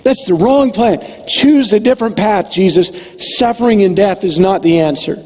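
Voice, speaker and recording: A man's voice: sits high, normal speed, darkish tone, long reverb tail, voice pushed up. A man voicing an indignant male apostle who scolds and lectures his teacher in an exasperated way.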